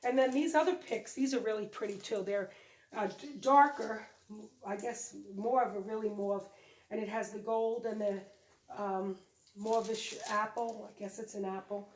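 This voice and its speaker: At medium pitch and normal speed, with fairly even intonation, she chats and rambles through a holiday home vlog, self-correcting as she points out décor around the tree. She co-hosts a decorating channel, and the recording is echoey with the mic far away.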